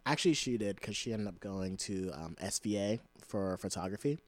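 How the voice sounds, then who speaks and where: A man's voice: lowish voice, expressive, normal speed, no room sound. A man as a guest in a casual chat, hesitant with frequent ums and easy laughter.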